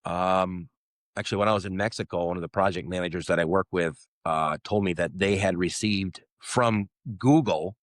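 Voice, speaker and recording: A middle-aged man talks in a loose, rambling podcast chat and pokes fun at himself. His voice sits fairly low. The sound is dry and close, with no room in it. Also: normal speed, dry recording. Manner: rambling, self-deprecating humor. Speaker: podcast co-host. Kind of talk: casual chat.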